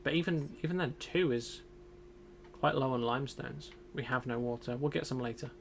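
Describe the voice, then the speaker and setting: Young streamer muttering through gameplay. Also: male voice, mid-range voice, moderate pace, creaky, a little hiss or hum. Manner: thinks aloud, muttering to himself. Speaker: gaming streamer. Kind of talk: casual gameplay commentary.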